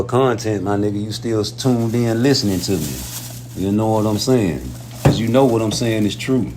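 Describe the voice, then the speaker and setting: Cussing guy ranting casual on his show, emphatic, voice shoots up when he gets worked up. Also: noisy background. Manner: profane, emphatic, jumps high when heated. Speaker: show host. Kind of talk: casual commentary.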